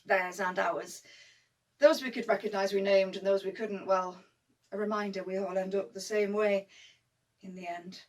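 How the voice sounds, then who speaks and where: A woman's voice: medium pitch, steady tone, moderate pace, far from the mic, natural voice. A woman with a Northern English accent acting a young First World War nurse who talks in broad dialect, telling her story as a dramatic monologue. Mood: sombre. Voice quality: broad dialect speech, vivid and emphatic.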